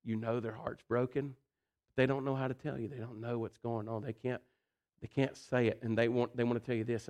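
A man preaching a sermon in a folksy, animated way, swinging between loud emphasis and quiet intensity and often saying "listen" and "you know.". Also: medium pitch, brisk, vocal fry.

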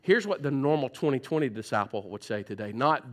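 A man's voice: medium pitch, expressive, fairly quick. A man preaching a sermon in a church. He talks conversationally, teases his listeners and acts out their complaints. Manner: conversational preaching, teasing the congregation, mimics voices. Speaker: pastor. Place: church sanctuary.

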